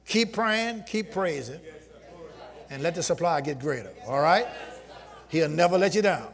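A man preaching a sermon to his congregation, using call-and-response and shouting at the peaks. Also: on the high side, expressive, a little slow. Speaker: pastor. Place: church sanctuary with congregation.

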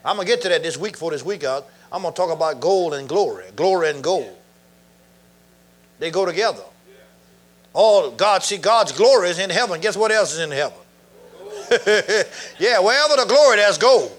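Preacher guy, high voice, animated, laughs and shouts a lot mid sermon. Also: normal speed.

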